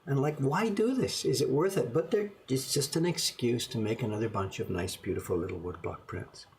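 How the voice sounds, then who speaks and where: A man's voice: mid-range voice, normal speed, darkish tone, a little hiss or hum. A man casually showing his collection of small prints to the camera, rambling and musing aloud in a self-deprecating way. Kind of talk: casual show-and-tell to camera.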